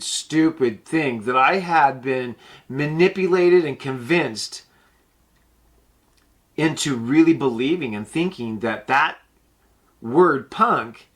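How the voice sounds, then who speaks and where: A man host telling a personal story in a casual, blunt way, swearing freely and slowing down to stress his points. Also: a little high. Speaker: podcast host.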